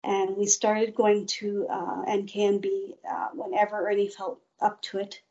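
Woman, interview guest, unhurried, earnest testimony, muffled audio. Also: medium pitch, monotone, mellow. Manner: slow, earnest storytelling. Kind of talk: personal faith testimony.

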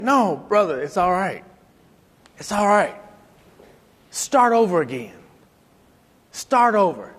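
A man telling stories about his late father, animated, acting out voices and laughing often. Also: high-pitched, takes it slowly, long pauses, slightly rough. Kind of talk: storytelling talk to an audience. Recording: long hall reverb.

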